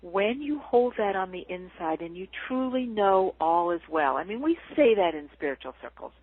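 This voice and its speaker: Woman, animated spiritual talk, mid-pitched voice, phone-line sound. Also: normal speed, slightly rough. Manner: animated, laughs often, acts out quoted voices. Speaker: spiritual healer guest.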